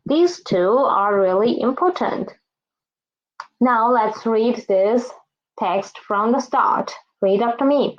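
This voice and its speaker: Patient, slow-talking woman language teacher. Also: a little high. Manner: patient, repeats words and asks "right?". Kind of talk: slow, careful classroom instruction. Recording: dull, lo-fi recording.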